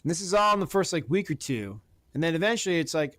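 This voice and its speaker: A man telling a long profane story about his neighbor in casual podcast chat, animated and blunt. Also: on the high side, brisk, no echo. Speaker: podcast host. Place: Oregon.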